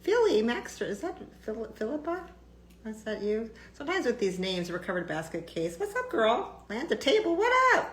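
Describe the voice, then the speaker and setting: A woman hosting a live stream, a chiropractor ranting in a brash, sarcastic, animated way. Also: on the high side, normal speed, roomy sound, poor audio. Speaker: host.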